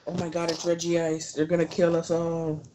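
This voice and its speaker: A man co-commentating a game, excitable and making wisecracks. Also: fairly high pitch, moderate pace, noisy background.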